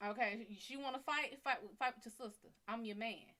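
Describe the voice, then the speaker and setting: Her pitch fairly high and her pace moderate, a woman psychic reader gives animated, blunt advice about relationships during a live stream. She acts out bits of dialogue while talking.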